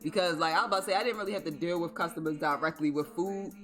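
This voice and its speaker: A woman's voice: on the low side, racing, fairly bright tone, faint music behind. A young adult woman livestreaming, telling a story in a casual, exclamatory, profane way. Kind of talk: casual storytelling to a live stream.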